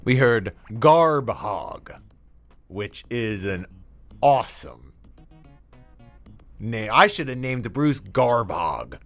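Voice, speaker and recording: A man's voice: mid-range voice, sing-song, extremely slow, vocal fry, long pauses, soft background music. A man hosting a radio show in a studio, chatting in a playful, meandering way and talking to his dog between songs. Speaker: radio host. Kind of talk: rambling late-night radio chat. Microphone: studio mic set too far off, with echo effect.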